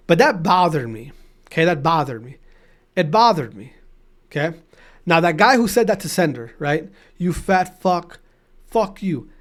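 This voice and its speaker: Man ranting on his podcast, higher voice. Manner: animated, repetitive ranting with many restarts. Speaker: podcast host. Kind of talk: solo podcast rant.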